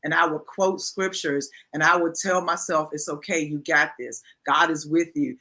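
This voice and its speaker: A woman in her fifties speaks as a pastor being interviewed, talking candidly and with strong emphasis. Her voice has a bright, forward tone. She often repeats phrases to drive a point home. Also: low voice, fairly even intonation, moderate pace. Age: 50s.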